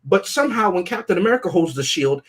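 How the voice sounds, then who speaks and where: A man's voice: high voice, lively intonation, fast talker, fairly bright tone. A man co-hosting a casual review chat, methodically picking apart story logic. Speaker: podcast co-host.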